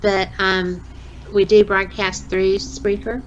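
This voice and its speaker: A woman's voice: mid-range voice, little pitch movement, slow pace, highs cut off, slight background noise. Chatty Southern woman in her fifties. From American South. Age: 50s. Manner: chatty, laughs often, folksy sayings. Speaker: guest, radio host. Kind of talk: casual interview chat.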